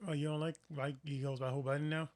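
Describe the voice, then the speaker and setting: A man co-hosting a casual podcast, chiming in with quick short reactions and wisecracks. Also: a little high, flat delivery, crowd noise.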